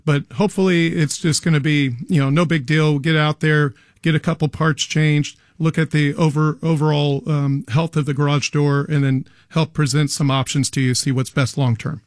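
A man speaking as an expert guest on a radio show, explaining things earnestly and often restarting his sentences. His voice is a little high, and it is recorded dry and close. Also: little pitch movement, normal speed, hardly any pauses, dry recording. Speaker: garage door company guest expert. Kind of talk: radio interview answers.

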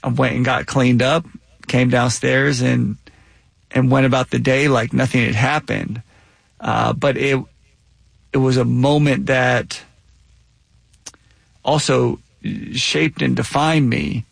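A man answering interview questions in a reflective, measured way as a guest author. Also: medium pitch, level tone, creaky, no room sound, studio quality.

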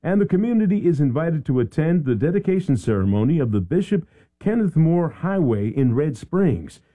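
A man's voice: on the high side, big pitch swings, moderate pace, phone-quality sound. A man hosting morning talk radio in a studio, chatty and joking about himself. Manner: jokey, chatty, self-deprecating. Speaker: radio talk show host.

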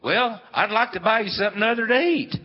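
A man's voice: high voice, voice pushed up. Man doing a shy older Southern suitor. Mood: hesitant. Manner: hesitant, halting, folksy. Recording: long hall reverb, dull lo-fi sound.

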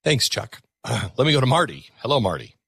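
A man's voice: medium pitch, sing-song, a little fast, fairly bright tone, breathy edge, no room sound. A man hosting a talk radio show, taking calls and reflecting aloud, often repeating words as he thinks.

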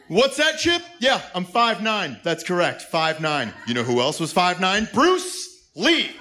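A man doing a stand-up comedy routine, acting out scenes with animated delivery. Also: high-pitched, unhurried, hardly any pauses.

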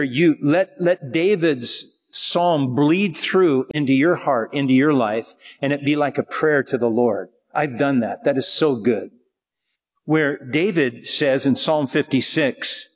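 A man's voice: a little high, husky, in a large hall. A man preaching a sermon in a conversational way, often restarting his sentences. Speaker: pastor.

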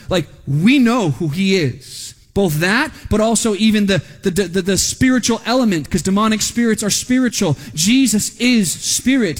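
A man preaching a sermon as pastor, emphatic, asking rhetorical questions and dropping into a stern voice for quotes. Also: high voice. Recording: hall reverb.

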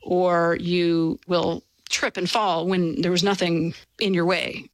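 A woman being interviewed as an author, explaining and telling stories in a lively, casual way with fillers. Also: fairly low pitch, slow pace, dry recording. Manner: animated, storytelling with fillers and laughs.

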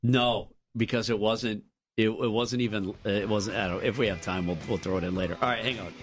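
A man co-hosting a radio morning show, telling stories casually and jumping up in pitch when he quotes people. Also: a little fast, soft background music. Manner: animated, jumps up in pitch for quoted lines. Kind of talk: casual storytelling chat. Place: radio studio.

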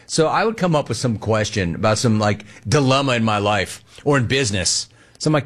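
A male sports radio host reads out listener questions and answers them in an easy, chatty way. His voice sits at a middle pitch. He tells anecdotes and briefly mimics the people in them. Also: lively intonation, fairly quick, fairly bright tone. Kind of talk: casual listener Q&A.

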